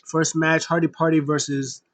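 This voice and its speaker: A man's voice: on the high side, little pitch movement, moderate pace, no room sound. A man recapping a wrestling tribute show in a casual, rambling way, full of fillers and open emotion as a fan. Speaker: wrestling vlogger.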